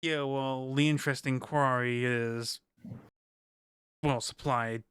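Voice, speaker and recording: A man's voice: mid-range voice, fairly even intonation, slow pace, clean tone, no room sound, clean studio sound. A man doing a sly, courtly informant. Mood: scheming. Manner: polite, formal and quietly sarcastic. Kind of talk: game master voicing a character.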